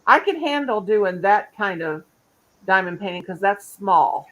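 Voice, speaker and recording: Woman host, casual stream chat, lively intonation, very talkative. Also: medium pitch, a little slow, rough recording. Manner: chatty, animated, laughs a lot. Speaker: livestream host.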